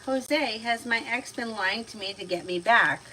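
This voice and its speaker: A woman's voice: on the high side, a little slow, bright, forceful tone, slight background noise, poor audio. A woman in her thirties giving chatty, casual tarot readings on a livestream, laughing often as she talks. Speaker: tarot reader.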